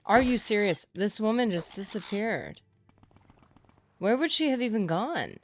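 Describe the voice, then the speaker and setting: A woman's voice: medium pitch, animated, measured pace, slight background noise. A woman streaming a game live, chatting playfully with her viewers as she plays. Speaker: gaming streamer. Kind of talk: casual live gameplay commentary.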